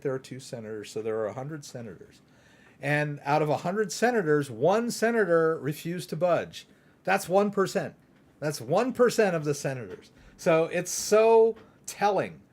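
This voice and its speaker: A man's voice: a little high, lively intonation, moderate pace, a little mellow. A middle-aged man from Texas hosting a live crypto Q&A stream, chatty and rambling, often tagging his points with "right?". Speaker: crypto channel host.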